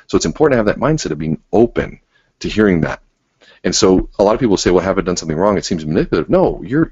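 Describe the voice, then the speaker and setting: Deep husky-voiced man coaching a webinar. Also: no room sound, muffled recording. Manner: coaching, acts out sample dialogues with strong inflection. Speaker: webinar presenter. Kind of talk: sales training webinar.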